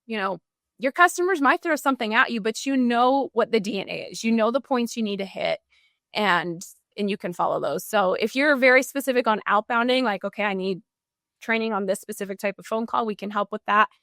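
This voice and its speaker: A woman speaking as a customer service trainer in a podcast interview, animated and full of "like" and "right?". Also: medium pitch, a little fast, no echo, studio quality.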